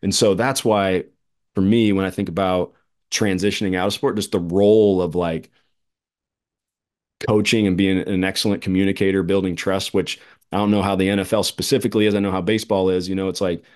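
A man's voice: low voice, fairly even intonation, fairly quick, darkish tone. A man who is a guest on a podcast, talking about coaching in a reflective way with lots of "like" and "you know". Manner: reflective, filler-heavy. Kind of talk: casual interview conversation.

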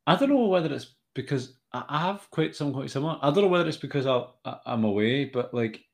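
A man's voice: medium pitch, expressive, quick pace, gravelly. A young man with a mild Glaswegian Scottish accent, co-hosting a podcast in casual, rambling chat. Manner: rambling, self-interrupting, jokey. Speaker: podcast co-host.

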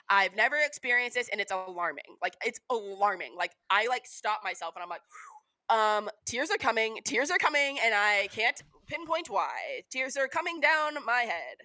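A woman's voice: fairly high pitch, animated, moderate pace, sharp tone, dry recording. Candid young woman podcast co-host. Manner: candid, swears freely, acts out quotes. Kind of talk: casual chat.

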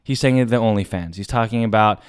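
Man, podcast host, casual dramatic storytelling, smooth voice, dry close sound. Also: fairly low pitch, a little fast, no echo. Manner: animated, dramatic retelling.

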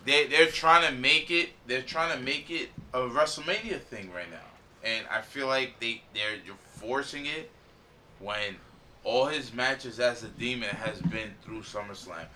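A man's voice: medium pitch, measured pace, pushed and bright, slight background noise. A man hosting a casual wrestling podcast, opinionated and emphatic, swearing often. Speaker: podcast host.

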